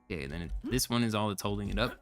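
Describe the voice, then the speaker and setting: A man's voice: on the low side, animated, rapid-fire, music in the background. A young man streaming a game, chatting casually and venting in a rambling, frustrated way with lots of fillers. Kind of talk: casual live-stream chat while gaming.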